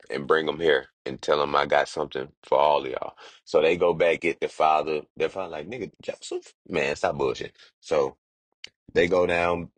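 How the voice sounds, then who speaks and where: Very deep-voiced man, slangy retelling. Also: no room sound. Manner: slangy, quick, acts out characters in everyday street talk. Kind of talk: casual comedic retelling of a Bible story.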